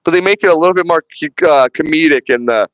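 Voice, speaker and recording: A man's voice: a little high, fast, fairly bright tone, dry recording, lo-fi sound. A man hosting a podcast, retelling film scenes in casual, rambling chat full of restarts and swearing. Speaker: podcast host reviewing a film.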